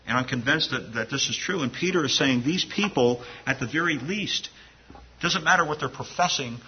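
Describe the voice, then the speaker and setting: A man's voice: mid-range voice, moderate pace, highs cut off, a little hiss or hum. A man preaching a sermon to his congregation in an earnest, conversational way, often restarting his phrases. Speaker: pastor.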